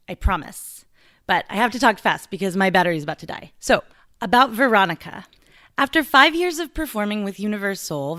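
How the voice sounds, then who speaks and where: A woman's voice: medium pitch, fairly bright tone. Chatty woman podcast host. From United States. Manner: chatty, upbeat, rushed. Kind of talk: fast-talking podcast intro.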